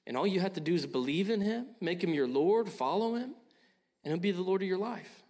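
A man's voice: high-pitched, animated, fairly quick, darkish tone. A young man preaching a sermon, earnest and urging, often repeating his phrases. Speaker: pastor.

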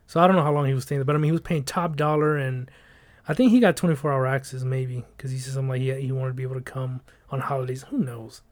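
A man's voice: medium pitch, little pitch movement, fast. A man chatting casually, telling rambling stories about his old job at a storage facility and swearing freely. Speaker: former storage facility office worker. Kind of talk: casual chat.

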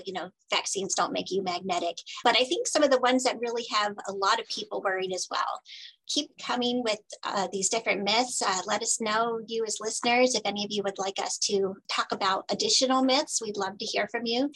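Bright-voiced woman podcast host. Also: medium pitch, low-quality recording. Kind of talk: podcast interview.

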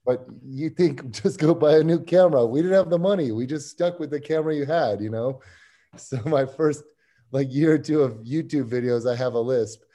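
A man's voice: on the high side, moderate pace, dark tone. A man, a strength coach and podcast guest, recounting his career in an easygoing, rambling way, chuckling often. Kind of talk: casual interview storytelling.

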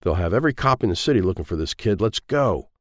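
A man's voice: on the low side, lively intonation, fast talker, dry recording, studio quality, close to an everyday voice. A man voicing a nervous, worried petty crook who pleads with his partner. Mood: anxious. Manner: anxious, pleading.

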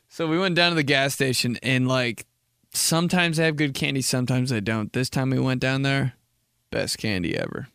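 A young man hosting a podcast, rambling through a comic story and dropping into slow, low voices when he quotes people. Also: a bit bright, clear, resonant tone, no room sound, clean studio sound. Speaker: podcast host. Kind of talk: casual comedic monologue.

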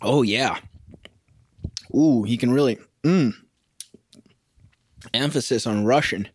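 A man's voice: medium pitch, normal speed, long pauses, no room sound, studio quality. Rambling, self-amused man podcasting. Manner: rambling and self-amused, sings snatches of a song. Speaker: podcast host. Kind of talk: casual solo podcast monologue. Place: home kitchen.

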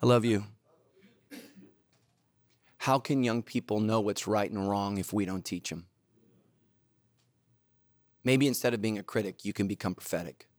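A middle-aged man preaching a sermon, telling stories animatedly, moving between loud excitement and low, earnest intensity. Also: a little slow, pauses often, no room sound. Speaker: pastor.

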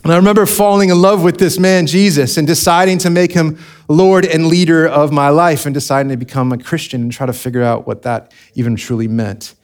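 A man's voice: fairly high pitch, steady tone, brisk, a little mellow. A young adult man preaching a sermon, telling his own testimony in a candid, conversational way with frequent restarts. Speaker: pastor.

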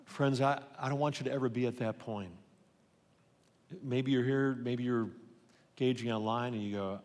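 Middle-aged male pastor, earnest storytelling preacher, mid pitch, live church hall reverb. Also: moderate pace, pauses often, a little mellow. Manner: earnest, personal storytelling with many restarts. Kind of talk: sermon.

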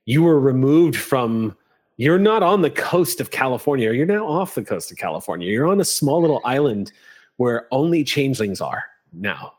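A man serving as game master, narrating a fantasy scene for his players. His pitch sits in an ordinary middle range, and he takes his time over the descriptions, dropping in a curse now and then. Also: big pitch swings, slightly rough. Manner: descriptive, unhurried narration with casual swearing.

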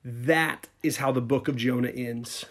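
A male pastor preaching a sermon, telling a Bible story in a conversational, animated way with casual asides. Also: mid-range voice, measured pace.

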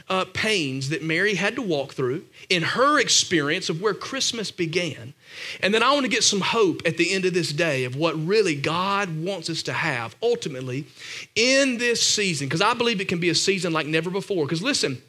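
A man's voice: sits high, lively intonation, normal speed, bright, forceful tone. A man giving a Christmas-season sermon as a pastor, chatty and anecdotal, with joking asides to the congregation in a church room.

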